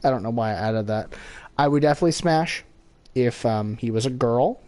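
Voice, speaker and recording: A man's voice: mid-range voice, brisk, warm tone. A man hosting a gaming channel, giving rambling casual commentary with frequent self-corrections and giggly asides.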